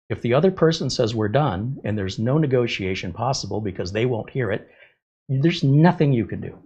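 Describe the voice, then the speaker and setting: Husky man telling a candid story. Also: medium pitch, expressive, fairly quick, darkish tone, muffled recording. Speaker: host. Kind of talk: livestream chat.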